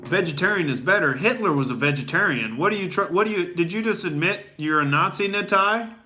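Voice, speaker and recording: A man's voice: sits high, expressive, a little fast, bright, forceful tone, slight background noise. A young adult man doing a comedy rant as a boastful gym bro, rambling with lots of "dude" and "all right?". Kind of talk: stand-up style comedy rant.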